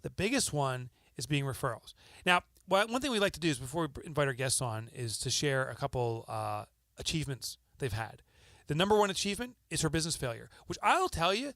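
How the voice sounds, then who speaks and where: A man's voice: fairly high pitch, fairly bright tone, dry recording. A man with a New Jersey accent hosting a podcast in a loose, chatty, joking way. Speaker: podcast host.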